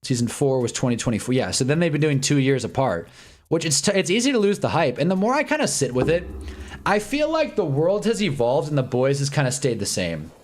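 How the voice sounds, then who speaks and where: Rambling young livestream host. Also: male voice, fairly high pitch, big pitch swings. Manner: rambling, candid, swears and repeats himself; puts on quick voices for quoted people. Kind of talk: casual chat during a sports watch-along.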